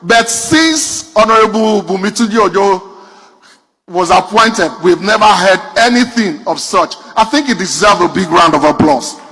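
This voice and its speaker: A man's voice: high voice, normal speed, sharp tone, slightly rough. A Nigerian man performing a stand-up comedy routine. He tells punchy stories straight to the audience. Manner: addresses the audience directly, punchy storytelling.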